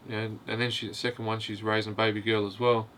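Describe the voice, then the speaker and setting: A man's voice: fairly low pitch, little pitch movement, quick pace, a bit bright, slight background noise. A man casually reviewing a film, hesitant and rambling, with constant "you know" fillers. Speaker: host of a film review video.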